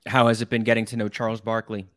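A man's voice: lowish voice, level tone, fast, a bit bright. A man interviewing a guest, asking short conversational questions.

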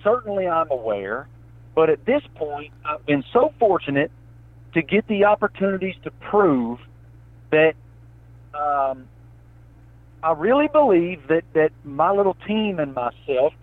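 A man with an Appalachian accent, a guest telling stories in a casual interview, animated and folksy. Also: fairly high pitch, moderate pace, dry recording. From southwest Virginia, Appalachia. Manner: animated storytelling, says man and brother. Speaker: guest, sports reporter. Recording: tinny phone-line sound.

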